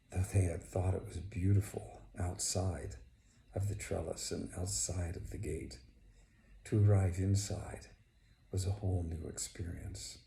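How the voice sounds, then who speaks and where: A man narrating a folk tale slowly and intimately, often sinking to a whisper, recorded in an echoey room with faint noise. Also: low voice, gravelly, warm tone. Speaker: storyteller. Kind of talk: storybook narration.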